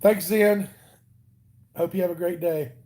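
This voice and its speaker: A man's voice: high-pitched, fairly even intonation, unhurried, mellow. A man with a Southern US accent chatting casually on a livestream, rambling and joking with his viewers as he reads their comments. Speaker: livestream host.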